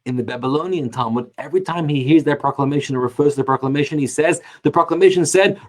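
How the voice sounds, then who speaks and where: A man, a rabbi, teaching a Torah class, telling stories with animated rhetorical questions. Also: fairly high pitch, fast talker.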